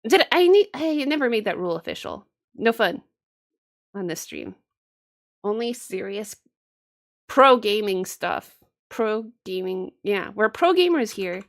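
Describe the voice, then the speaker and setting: A woman's voice: on the high side, big pitch swings, normal speed. A woman streaming a game with casual chat, playful, giggly and self-mocking.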